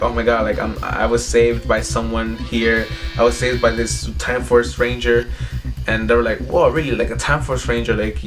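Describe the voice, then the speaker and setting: A man casually recapping episodes, rambling and filling his talk with "like" as he paraphrases what characters say. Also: mid-range voice. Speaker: recap host. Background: faint background music.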